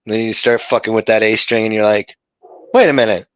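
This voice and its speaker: A man's voice: on the low side, monotone, fast, a bit bright, clean tone, dry recording, dull audio. A man co-hosting a music podcast, chatting casually, blunt and swearing freely. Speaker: podcast co-host.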